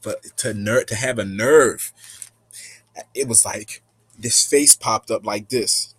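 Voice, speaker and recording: A man telling a rambling, animated, slang-heavy story in a casual spiritual monologue. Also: fairly low pitch, takes it slowly, husky, no echo.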